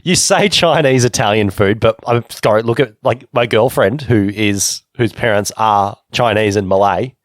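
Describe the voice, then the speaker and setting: A man's voice: lowish voice, normal speed, few pauses, no echo, studio quality. A man hosting an interview podcast, chatty and jokey, wandering off on tangents. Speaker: podcast host. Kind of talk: casual interview chat.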